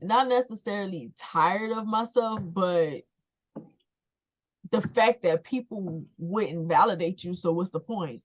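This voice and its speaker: A woman's voice: medium pitch, slow. A young adult woman co-hosting a podcast, talking candidly in casual chat and laying things out step by step. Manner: candid, talks in plans and repeats herself. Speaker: podcast co-host.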